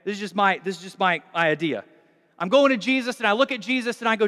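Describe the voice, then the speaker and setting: A man preaching in a large church, his high, bright voice ringing with a long reverb. He is highly animated, swinging his pitch widely and acting out little dialogues, dropping to a hush one moment and shouting the next. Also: fast talker. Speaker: pastor. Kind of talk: sermon.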